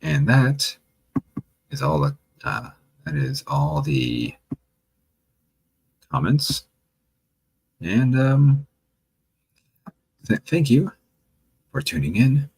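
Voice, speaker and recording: A man hosting a livestream, reading viewer comments aloud with a chatty, wry manner and a gravelly voice. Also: mid-range voice, very animated, drawn-out words, pauses often, a little mellow, low-quality recording. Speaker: livestream host reading chat. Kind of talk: casual livestream chat.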